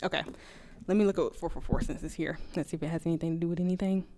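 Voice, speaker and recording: Her voice on the low side, steady and warm, a woman vlogger rambles quickly to camera in a casual chat. She laughs a lot and seems buzzing on caffeine.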